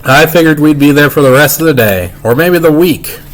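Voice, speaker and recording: A man reading a children's novel aloud in first-person narration, unhurried and plain. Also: a little high. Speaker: reader.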